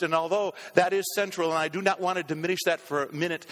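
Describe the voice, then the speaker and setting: A man preaching a sermon, reading scripture aloud and commenting, rising to emphatic peaks and dropping low and quiet. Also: fairly even intonation, fast talker, few pauses. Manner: rises to emphatic, climbing peaks then drops low and quiet.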